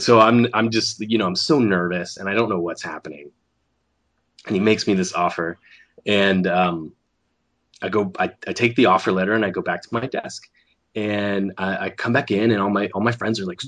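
A man, an animator, telling a story in casual conversation, acting out the other people's lines with quick restarts. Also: fairly low pitch. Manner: animated, acts out quoted voices, restarts often. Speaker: animator guest.

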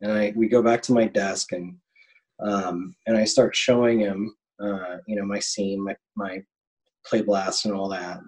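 A man's voice: on the low side, fairly even intonation, measured pace, a little mellow, rough recording. A man in his thirties, a guest on an interview podcast, telling stories casually with lots of ums and restarts. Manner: rambling, many ums and restarts. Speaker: animator guest.

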